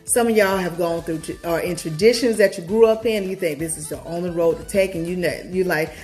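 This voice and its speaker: A woman's voice: brisk, hardly any pauses, faint music behind. Chatty woman sharing inspirational thoughts. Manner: chatty, talks straight to viewers, big excited pitch jumps. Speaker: vlogger. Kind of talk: casual inspirational book reflection.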